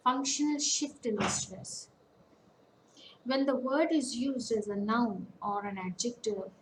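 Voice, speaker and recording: A woman counsellor with an Indian English accent, giving a lecture on English phonetics and pausing often with fillers. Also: fairly high pitch, low-quality recording. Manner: slow, deliberate, with many hesitations and fillers. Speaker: academic counsellor. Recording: faint background noise.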